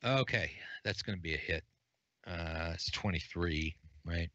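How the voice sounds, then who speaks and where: Halting, bright-voiced male game master. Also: low-pitched, dry recording, highs cut off. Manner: plain, halting narration with many fillers. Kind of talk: narrating an unscripted tabletop game.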